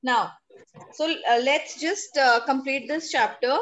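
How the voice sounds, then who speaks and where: Speaking slowly in a high-pitched, slightly bright voice, a middle-aged teacher with an Indian English accent leads a classroom lesson, patiently questioning her pupils and coaxing answers from them.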